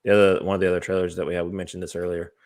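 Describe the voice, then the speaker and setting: A man co-hosting a podcast, chatting casually about movie trailers with a relaxed, hesitant delivery full of fillers. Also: sits low, very fast. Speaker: podcast co-host.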